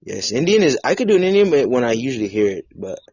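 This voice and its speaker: A male podcast host chatting casually, blunt and profane, with a joking streak. His voice has a middle pitch. It comes through a dull, dry call line. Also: big pitch swings, quick pace, a little mellow, husky, dry recording. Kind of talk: casual chat.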